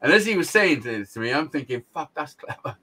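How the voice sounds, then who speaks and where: A man's voice: on the high side, sing-song, fairly quick, sharp tone. A middle-aged man, co-hosting a podcast and telling a blunt, sweary story with frequent laughs. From Wales. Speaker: podcast co-host. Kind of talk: casual storytelling chat.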